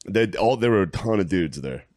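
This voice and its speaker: A man's voice: sits low, animated, normal speed, darkish tone, no echo, studio quality. A young man telling crude school stories in casual chat, laughing and acting out the quotes.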